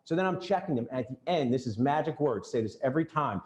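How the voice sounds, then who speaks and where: A man's voice: mid-range voice, animated, quick pace, darkish tone. A man coaching a group at a live workshop, joking and talking straight at the audience. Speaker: dental practice coach leading a workshop. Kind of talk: live seminar talk to a group. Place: event room with attendees. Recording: roomy echo.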